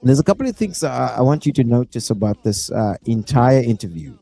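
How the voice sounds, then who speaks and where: A South African man doing live reaction commentary, animated and prone to bursting into shouts and whoops. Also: medium pitch, brisk, vocal fry, slightly rough, dry recording. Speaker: reaction streamer.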